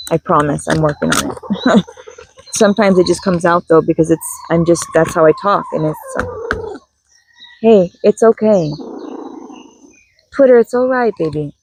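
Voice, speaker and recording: A woman with a somewhat low, warm, relaxed voice leads a soft, unhurried guided meditation. Between passages she turns chatty and apologetic as she talks through a spiritual card reading. She is recorded on a phone with a clip-on microphone. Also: rough recording.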